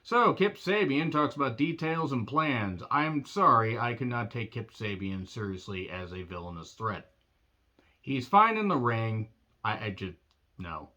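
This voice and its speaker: A man giving a casual recap of a wrestling show, sarcastic and blunt, often clearing his throat. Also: medium pitch, big pitch swings, measured pace, pushed and bright.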